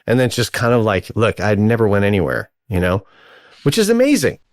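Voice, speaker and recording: A man's voice: lowish voice, wildly swooping pitch, fairly quick, darkish tone, dry recording, clean studio sound. A man hosting a podcast conversation, listening closely, giving short affirmations and then offering reflective follow-ups. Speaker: podcast host. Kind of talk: casual conversation.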